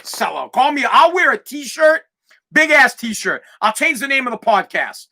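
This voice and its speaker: A man with a very high, bright, forceful voice tears through a solo podcast rant. He is loud, profane and animated, pushing one point over and over. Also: measured pace. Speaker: podcast host. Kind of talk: ranting monologue.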